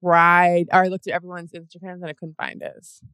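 Young woman co-host recapping a show, smooth voice, dry close mic, rambles a lot. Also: lowish voice, completely flat delivery, a little fast, fairly bright tone, dry recording. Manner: rambling storyteller, lots of "like". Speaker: podcast co-host. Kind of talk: casual chat.

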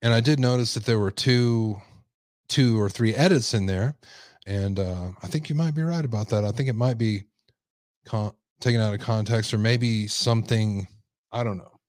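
Stream host, man, lowish voice, dry close sound, loose rambling delivery. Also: normal speed, darkish tone, no echo. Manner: casual, rambling, reads chat aloud. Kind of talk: livestream commentary.

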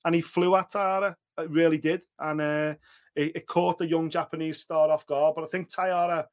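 A man co-hosting a podcast in casual sports chat, animated and swearing freely, often acting out what other people said. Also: a little high, normal speed. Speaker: podcast co-host.

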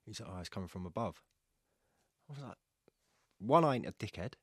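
A man telling stories in a casual podcast interview, animated and swearing, acting out what others said. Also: fairly low pitch, a little fast, husky, no room sound, studio quality. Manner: animated storyteller, acts out quoted dialogue, swears. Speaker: guest, retired footballer.

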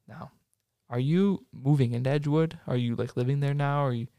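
A young man hosts a casual podcast, talking slowly and softly right up on the microphone. His voice has a gravelly fry to it, and the sound is close and dry with no room around it. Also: medium pitch, dry recording. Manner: soft, relaxed, drawn-out questions. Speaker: podcast host. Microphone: studio podcast mic, close.

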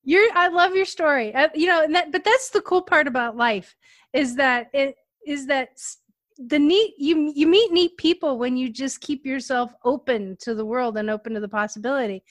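Bubbly high-voiced woman, dry and close. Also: normal speed, no room sound. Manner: bubbly, laughing, chatty. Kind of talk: casual chat.

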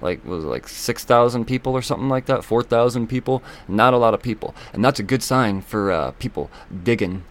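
A man hosting a solo podcast, talking loosely and excitably, swearing often and filling gaps with ums and uhs. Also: medium pitch, fairly quick, few pauses. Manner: loose, profane and excitable, with many fillers. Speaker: podcast host. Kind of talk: casual solo podcast talk.

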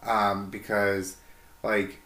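A woman's voice: extremely low pitch, little pitch movement, extremely slow, fairly bright tone. Laughing, easygoing woman in an echoey room. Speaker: podcast co-host. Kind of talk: casual chat.

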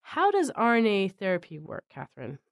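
A woman's voice: mid-range voice, wildly swooping pitch, a little fast, gravelly, no room sound, clean studio sound. A woman hosting a science news podcast, asking curious questions in a conversational way. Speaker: podcast host.

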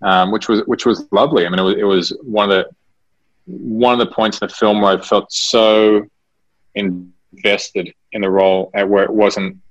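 A man with a lowish voice talks through a casual interview, halting often, repeating words and filling pauses. The recording sounds muffled and lo-fi, with the top end rolled off. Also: steady tone. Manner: hesitant, many restarts and fillers. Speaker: actor being interviewed. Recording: dull lo-fi recording.

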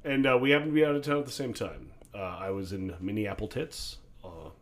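A man's voice: fairly low pitch, animated, fairly quick, hardly any pauses. A young adult man co-hosting a podcast, in easygoing, joking banter. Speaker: podcast co-host. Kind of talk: casual chat.

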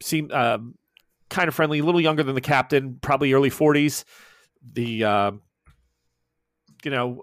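A man's voice: mid-range voice, moderate pace, pauses often, no room sound, studio quality. A man narrating a tabletop game as game master, rambling with fillers and self-corrections.

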